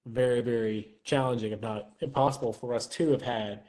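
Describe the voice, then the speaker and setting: A man's voice: medium pitch, fairly even intonation, brisk, a little mellow, rough recording. A man who is a guest on a podcast, speaking in an earnest, reflective way and repeating words as he thinks. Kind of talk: casual chat.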